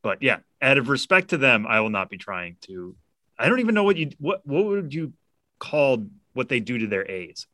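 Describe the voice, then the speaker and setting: A man's voice: mid-range voice, very animated, normal speed, sharp tone, no room sound. A man co-hosting a casual podcast, wry and laughing as he talks. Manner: wry, laughing, self-aware. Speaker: podcast co-host.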